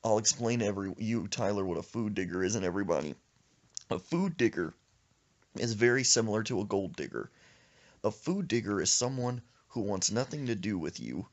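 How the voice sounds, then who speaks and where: A man hosting a podcast, telling a comic story in an animated, emphatic way. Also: lowish voice, lo-fi sound. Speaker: podcast host. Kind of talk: comedic storytelling.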